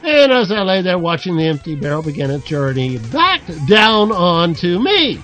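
A man puts on a battered everyman who pours out his woes in a loose Irish-Australian accent, pitched high and running fast. The delivery swings up and down with lively intonation. Faint music plays behind the comedy sketch. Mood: aggrieved. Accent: put-on mix of Irish and Australian. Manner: loud, high and rushed storytelling.

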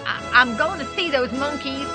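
A woman's voice: sits high, normal speed, over music, lightly acted. A British woman playing a brash, foul-mouthed male astronaut from Texas in an amateur radio play, swaggering and putting on a southern drawl. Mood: boozy bluster.

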